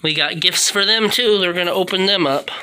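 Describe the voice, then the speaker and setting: A woman's voice: lowish voice, a little fast, bright, forceful tone, slight background noise, rough recording. A woman filming a casual home video in her living room, chatting along and cooing at her dogs. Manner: rambling and chatty, coos at the dogs.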